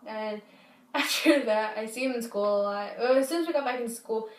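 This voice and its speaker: Woman vlogger, highish voice, loose swearing storyteller, roomy echo from a distant mic. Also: moderate pace. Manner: rambling, repetitive, swears freely. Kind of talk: casual storytime chat. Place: apartment at home, indoors. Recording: echoey room, mic set far off.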